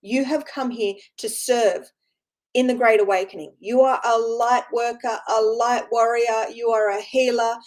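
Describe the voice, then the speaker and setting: A woman with a fairly high voice gives a loose, informal spiritual talk. She rambles, restarts and repeats herself, tagging lines with quick check-ins to her listeners. Her tone stays earnest and encouraging throughout. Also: fairly even intonation, darkish tone, low-quality recording. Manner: rambling, repeats words, keeps asking "right?". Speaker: spiritual teacher.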